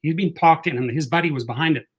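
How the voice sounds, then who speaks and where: A man's voice: on the high side, quick pace, breathy edge. A man in his fifties, a channel host, telling a story in a casual vlog. He talks bluntly and animatedly and swears freely. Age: 50s. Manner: animated, profane, blunt retelling of a confrontation.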